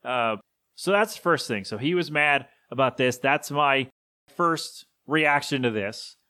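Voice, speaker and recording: Bright-voiced man rambling solo on a podcast. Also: medium pitch, animated. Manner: casual, opinionated, self-correcting; drops into a gruff put-on voice for quick impressions. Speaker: podcast host.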